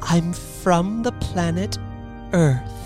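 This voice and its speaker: A man voicing an elderly devout woman drifting through space, speaking in a slow, wondering, prim way. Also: high-pitched, long reverb tail, music in the background, pitched above the performer's own voice. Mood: awed, serene.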